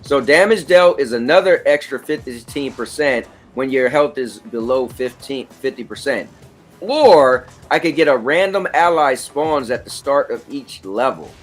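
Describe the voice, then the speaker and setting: A man's voice: mid-range voice, measured pace, soft background music. Laid-back man hosting a gaming chat. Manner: relaxed, reads out game stats. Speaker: host. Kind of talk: casual chat while playing a game.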